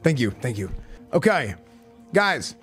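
A young man streaming a game, chatting excitably and rambling with lots of restarts. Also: mid-range voice, slow pace, faint music behind. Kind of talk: casual live-stream chat.

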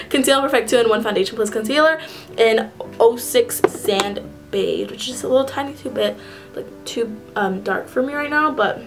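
A young adult woman, a beauty vlogger, chats her way through a casual makeup tutorial, often stopping to correct herself mid-phrase. Her voice is fairly high, and the recording is low quality.

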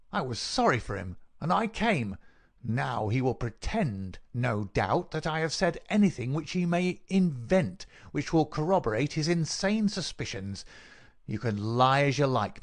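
A man voicing a villainous man with a high, snarling voice, read aloud in a storybook reading. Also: very animated, a little slow.

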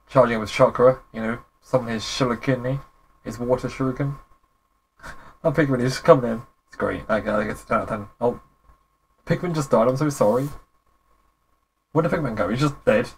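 A young man giving casual, rambling commentary as a gaming YouTuber, with relaxed, slangy reactions. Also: medium pitch, slight background noise.

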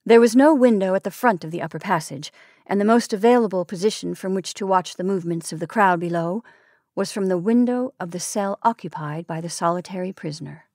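A woman host narrating a story in a calm, measured reading voice. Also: medium pitch, no room sound, clean studio sound. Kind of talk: scripted narration.

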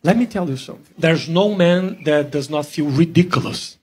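A man from Brazil with a Brazilian accent doing a deadpan stand-up routine in broken English on a comedy club stage. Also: on the high side, moderate pace. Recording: loud crowd laughter and noise. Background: roaring audience.

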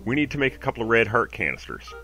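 Canadian male let's play host, lively and rambling, with clear background music. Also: medium pitch, racing. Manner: rambling, excitable, talks to himself. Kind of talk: casual gameplay commentary.

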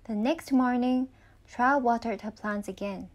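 Woman storybook reader, slow and patient, asks the kids questions. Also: a little high, darkish tone. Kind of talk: read-aloud picture book narration.

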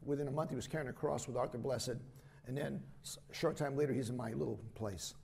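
An older man, a missionary preacher, telling lively stories in a sermon and acting out the voices of the people in them. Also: medium pitch, quick pace, gravelly, a little hiss or hum. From United States. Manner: animated anecdotes, voices quotes, laughs at himself. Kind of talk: storytelling sermon. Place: church hall.

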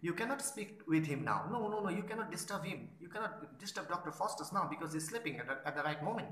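A man reading aloud as a male devil servant who turns a pushy visitor away with brisk dismissal. The voice sits a touch high in a roomy space. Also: expressive, fairly bright tone. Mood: dismissive. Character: male devil servant guarding his sleeping master.

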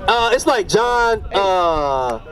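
Recorded from a distance on an outdoor street with a faint crowd, a man preaches an emphatic sermon in a high, sing-song, slightly bright voice, speaking extremely slowly. He keeps checking his listeners follow, repeating "you understand" and "all right".

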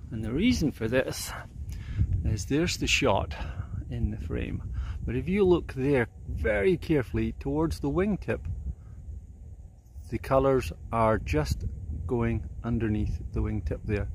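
A man with a gravelly, creaky voice talks through his photography in a relaxed, chatty way, with plenty of "um"s and "uh"s. He is outdoors on a breezy airfield at dawn, and faint ambient noise sits under his voice. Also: mid-range voice. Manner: relaxed, chatty, with many fillers. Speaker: landscape photographer. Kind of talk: casual instructional vlog.

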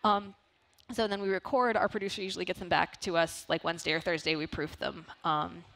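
A woman speaking as a podcast guest in a panel interview on a convention stage, animated and full of restarts. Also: lowish voice. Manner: fast, animated, restarts a lot.

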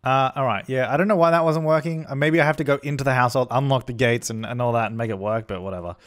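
This gaming YouTuber, a young man with a mid-range voice, talks at a quick pace in a steady tone. His let's-play commentary is casual and chatty, full of self-corrections, and he often voices his characters as he plays.

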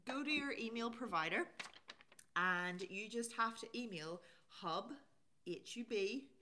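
A woman's voice: a little high, expressive, a little slow, pushed and bright, a little hiss or hum. A woman hosting a casual live stream, chatting and reading out viewer comments. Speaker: livestream host.

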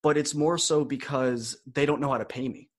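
A man's voice: medium pitch, steady tone, moderate pace. A young man guesting on a podcast interview, a coach telling stories and acting out quoted dialogue with energy. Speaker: student speaker and coach.

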